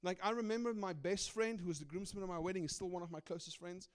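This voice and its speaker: A middle-aged man from Africa, preaching a sermon as a guest speaker, telling personal stories in an animated, conversational way and often asking "right?". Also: sits high, fast talker, smooth. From South Africa.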